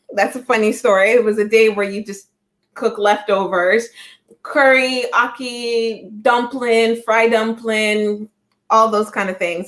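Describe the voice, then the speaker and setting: A woman in her thirties with a Canadian accent, hosting a livestream and telling stories in a rambling, animated way with many restarts. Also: a little high. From Jamaica, raised in Canada. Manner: rambling, animated storytelling with frequent restarts and laughs. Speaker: psychic livestream host. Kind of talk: casual livestream chat.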